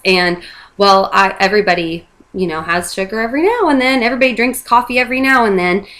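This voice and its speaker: Speaking in a slightly high, somewhat bright voice, a woman in her thirties who is a mother gives a casual testimonial for a product she truly believes in. As a product promoter she talks earnestly, with lots of fillers and restarts.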